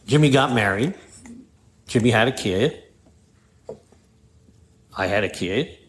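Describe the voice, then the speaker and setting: A man's voice: fairly low pitch, a little hiss or hum. A man giving a recovery talk to a meeting, who tells stories, reads passages aloud and keeps checking in with "right?" and "you know?". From Pittsburgh. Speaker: AA speaker. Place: meeting room.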